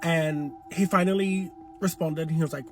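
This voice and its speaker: A man in his twenties telling a scary story from his school days in a loose, casual way, full of fillers and swearing, from a dark room. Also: on the high side, fairly even intonation, normal speed, background noise. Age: 20s. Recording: loud background music. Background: music.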